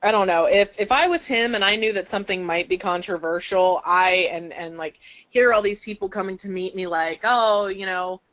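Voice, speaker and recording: A woman's voice: mid-range voice, fairly quick, few pauses, a bit bright. A woman co-hosting a fan podcast in casual chat, rambling and acting out quotes. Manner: rambling, acts out quotes with a laugh. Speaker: podcast co-host.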